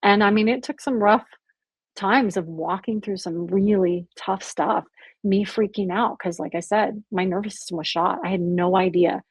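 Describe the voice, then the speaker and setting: A woman speaks with a gravelly, slightly husky voice, recounting her own story with animated emotion. The sound is dry and close, with no room echo. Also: medium pitch, moderate pace. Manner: emotional, animated storytelling with laughs and acted quotes. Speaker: podcast guest, abuse survivor. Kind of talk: candid personal interview.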